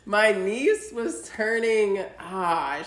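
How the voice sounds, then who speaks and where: A woman's voice: mid-range voice, extremely slow, a crowd in the background. Woman in her 30s chatting on a podcast, swoops up and down, kinda roomy sound. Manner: animated storytelling, laughs often. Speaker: podcast co-host. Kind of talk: casual chat. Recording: echoey room.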